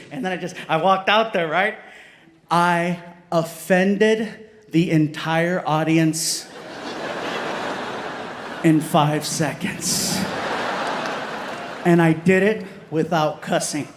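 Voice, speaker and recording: A man telling stand-up stories to a live audience, animated and acting out voices of the people in them. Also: fairly high pitch, slow pace, long pauses, a little hiss or hum. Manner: animated, acts out voices of kids and adults. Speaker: stand-up comedian. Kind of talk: stand-up storytelling. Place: large comedy venue with live audience. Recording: stage mic, roomy with loud crowd.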